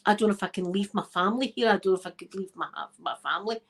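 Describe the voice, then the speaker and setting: A woman's voice: mid-range voice, steady tone, racing, close to an everyday voice. A Scottish woman voicing a lovestruck young American man who hesitates over leaving his family. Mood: torn.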